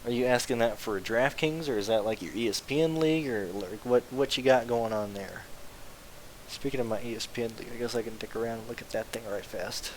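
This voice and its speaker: A young man casually streaming about fantasy sports, rambling, excitable and swearing freely. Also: medium pitch, fairly quick, rough recording. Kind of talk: casual live-stream chat. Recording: faint hiss.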